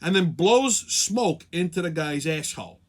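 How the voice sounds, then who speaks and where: A man's voice: fairly high pitch, expressive, unhurried. A man hosting a weekly show, ranting sarcastically and profanely. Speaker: host. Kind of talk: profane comedic rant.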